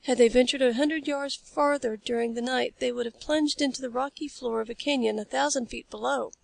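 A woman narrating an adventure novel in a steady, even reading voice. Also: high-pitched, brisk, gravelly, no echo. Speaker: audiobook reader. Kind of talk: scripted narration.

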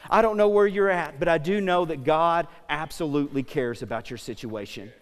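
A man preaching a sermon as pastor, passionate, swinging between loud emphatic lines and hushed, tender ones. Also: on the high side. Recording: long hall reverb.

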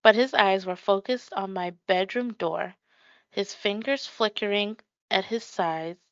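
A woman reading a first-person children's story aloud in a calm, measured storytelling voice. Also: medium pitch, no room sound. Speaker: audiobook narrator. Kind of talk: first-person audiobook narration. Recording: dry, slightly muffled.

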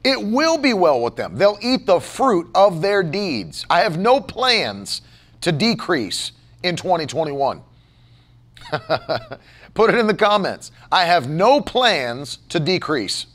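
Guy preaching a sermon, high voice swinging all over, hammers points home, keeps asking questions. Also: sing-song, slow, a bit bright. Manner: emphatic and repetitive, with rhetorical questions. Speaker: pastor.

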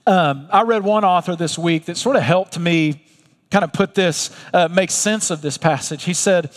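A man's voice: high-pitched, normal speed. A man preaching a sermon, telling a story vividly and acting out the dialogue. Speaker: pastor. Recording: long reverb of a large hall.

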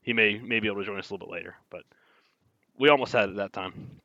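A man's voice: fairly low pitch, fast talker, bright, forceful tone, dry recording, dull audio. A man acting as game master, casually recapping the last session of a tabletop game with loose, rambling talk. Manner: casual, rambling with fillers and restarts, chuckles.

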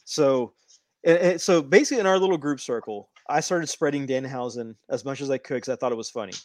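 A man's voice: medium pitch, a little fast, darkish tone, dry recording, studio quality. A man co-hosting a casual podcast, telling a long rambling story with many restarts. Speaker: podcast co-host. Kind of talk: casual wrestling podcast chat.

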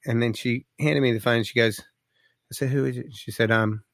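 A man, a musician guest telling stories in a casual interview, animated and full of fillers. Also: mid-range voice, normal speed, dry recording, clean studio sound. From Australia. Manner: animated storyteller, lots of fillers, excitable.

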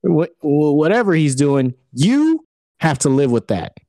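A man bluntly trash-talks in casual sports banter, cursing freely. His fairly high voice swings widely, and the sound is close and dry. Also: very animated, unhurried, warm tone, no room sound. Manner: blunt, swearing, trash-talking. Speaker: podcast co-host.

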